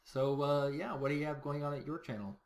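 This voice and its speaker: A man co-commentating a strategy game match in a relaxed, joking way. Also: a little high, fairly quick. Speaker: game caster. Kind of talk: esports commentary.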